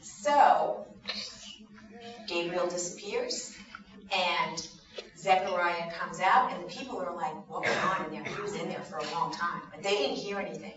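A woman in her fifties tells a Bible story to a group of children and keeps pausing to ask them questions. She is recorded from a distance in a very echoey room. The sound is dull, and there is noise behind her. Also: on the low side, a crowd in the background. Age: 50s. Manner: animated, asks the children questions.

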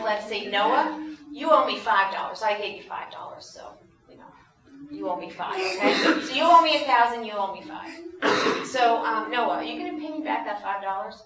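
A woman telling a Bible story to a group of children, asking them questions as she goes. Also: on the high side. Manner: animated, asks the children questions. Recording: roomy, distant, dull sound.

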